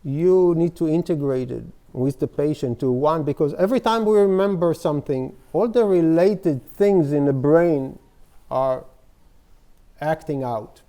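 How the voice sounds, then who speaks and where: A man giving an informal workshop lecture on therapy, in halting, full of "you know" and restarts. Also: fairly high pitch, dark tone. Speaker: psychotherapy lecturer. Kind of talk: workshop lecture with case stories.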